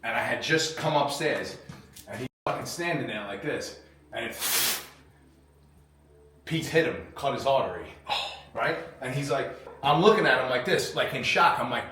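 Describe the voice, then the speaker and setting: A man's voice: medium pitch, moderate pace, pauses often. Blunt contractor man in an echoey room. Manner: blunt, swears freely, lively storyteller. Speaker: renovation contractor. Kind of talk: casual on-site chat. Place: old house under renovation, indoors. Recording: echoey room, faint noise.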